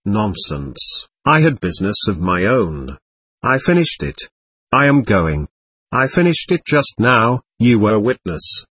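A man's voice: fairly low pitch, very animated, a little slow, a bit bright, breathy edge, no echo, heavily acted. A man reading a bitter, irritable young man in an audiobook, speaking in a sardonic, snapping way. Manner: sardonic, snapping, self-mocking.

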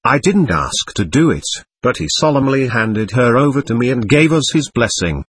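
A man's voice: medium pitch, very animated, normal speed, husky, no echo. A man reading a bitter, irritable young man in an audiobook, speaking in a sardonic, snapping way. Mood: bitterly elated. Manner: sardonic, snapping, self-mocking.

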